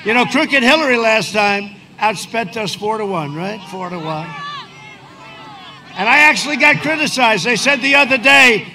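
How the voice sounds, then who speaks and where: Older guy at a windy outdoor rally, high-pitched for a man, big crowd roaring behind, rambling and bragging. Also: normal speed. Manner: boastful, rambling, repetitive, shouting to a crowd. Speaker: politician speaking at a rally. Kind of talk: campaign rally speech. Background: loud cheering crowd.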